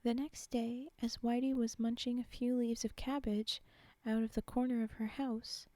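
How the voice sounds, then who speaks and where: Young woman storyteller, soft and half-whispered, dry close sound. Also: a little high, little pitch movement, normal speed, no echo. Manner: soft, often half-whispered, chatty asides. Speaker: streamer reading fairytales. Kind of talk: live-stream story reading.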